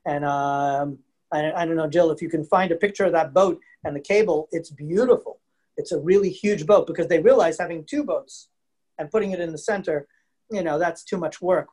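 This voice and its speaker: A man's voice: fairly high pitch, a little mellow, slightly rough. Chatty man presenting a history lesson. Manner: chatty, laughs often, asks the audience questions. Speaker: museum program presenter. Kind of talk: lively virtual lesson for kids and families. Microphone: video call.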